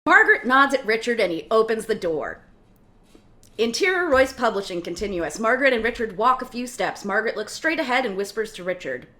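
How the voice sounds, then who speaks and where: A woman reading a screenplay's stage directions aloud in a play reading, with an expressive delivery. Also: a little high, a little fast.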